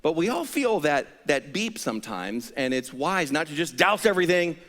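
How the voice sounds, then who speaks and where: Animated male pastor in a reverberant church. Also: normal speed. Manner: animated storytelling, rising to high-pitched exasperation when acting out the story. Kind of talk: sermon. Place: church sanctuary. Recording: church hall with long reverb.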